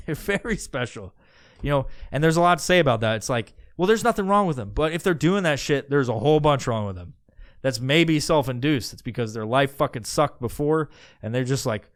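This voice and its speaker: A man's voice: a little high, animated, moderate pace. A man hosting a podcast, delivering a crude, mocking rant full of swearing. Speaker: podcast host. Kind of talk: profane ranting podcast monologue.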